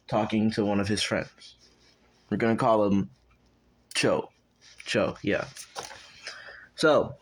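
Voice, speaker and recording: A young man with a fairly low voice improvises a fan story off the cuff, rambling and cursing as he goes. He keeps breaking off to talk to his viewers, and the recording is rough.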